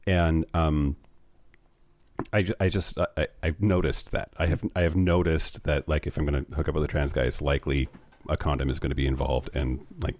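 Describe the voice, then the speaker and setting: A man's voice: extremely low pitch, darkish tone. A man co-hosting a podcast in casual chat, speaking candidly and bluntly. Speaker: podcast co-host.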